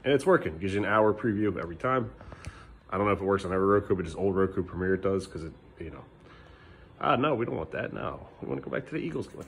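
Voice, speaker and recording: A man's voice: expressive, quick pace, a little hiss or hum. A middle-aged man filming a casual family vlog at home, talking to the camera and firmly scolding his young sons. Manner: scolding his kids, often rising to a higher firm voice. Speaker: father and vlogger. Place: at home indoors.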